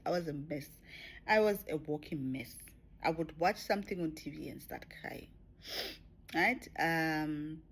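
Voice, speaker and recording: A woman talking to camera about her spiritual experiences in a reflective way, often dropping to a soft whisper. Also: low voice, breathy edge. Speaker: spiritual vlogger. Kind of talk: personal spiritual talk to camera.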